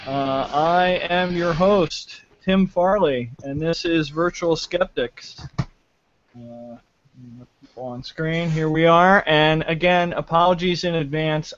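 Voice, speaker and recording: A man's voice: a little high, no room sound. Man hosting over glitchy lo-fi video call. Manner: halting, lots of fillers and restarts. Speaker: host of a live online panel show. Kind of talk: casual hosting, introducing panel and trivia. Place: at home. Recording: dull lo-fi glitchy internet audio.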